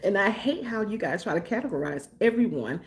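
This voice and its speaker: Woman vlogger from Mississippi, quick chatty delivery, lively pitch, casual live-stream talk. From Mississippi, USA. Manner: fast-talking; playful, chatty with viewers. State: recovering from a sore throat.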